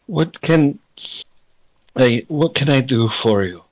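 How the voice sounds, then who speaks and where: Man putting on a shaky old priest, unhinged, stammering, slow and deliberate, dry close sound. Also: mid-range voice, animated, darkish tone, no echo, rough recording. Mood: hesitant. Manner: halting, stammering speech. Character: disheveled old male priest, nervous and unhinged.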